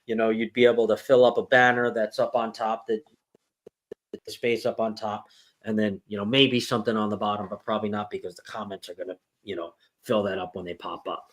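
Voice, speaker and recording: At his home streaming setup, a man hosts a livestream and chats casually about streaming tech, dropping plenty of "you know" fillers. His voice is lowish, fairly flat in pitch and brisk, picked up by a microphone off in the room's corner.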